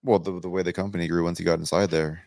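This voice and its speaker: A low-voiced man chats casually as a podcast co-host. He sounds relaxed and easygoing, often backing up the other speaker with short replies and laughs. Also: fast talker. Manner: laid-back, short agreeing replies and laughs. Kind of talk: casual chat.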